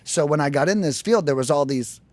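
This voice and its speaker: An American man telling his work story in a casual podcast chat, animated and profane, often acting out quoted voices. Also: a little high, fairly quick, dry recording. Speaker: podcast guest, lead generation business owner.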